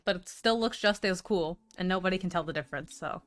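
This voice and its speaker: A woman talks fast in a fairly low voice, barely pausing. It's relaxed stream chatter from a livestreamer who swears a lot and effusively thanks viewers for their donations.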